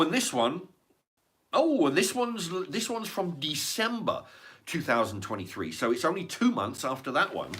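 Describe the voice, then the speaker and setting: A man's voice: a little high, fairly bright tone, slight background noise. Blunt, sweary man rambling. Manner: blunt, sweary, repeats words and restarts. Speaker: vlogger. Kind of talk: casual rambling monologue.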